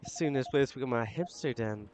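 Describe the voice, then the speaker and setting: A man's voice: medium pitch, normal speed, background noise, natural voice. A man reading the lines of a wry young woman who is a cafe regular in a visual novel, speaking in a dry, teasing way. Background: game music.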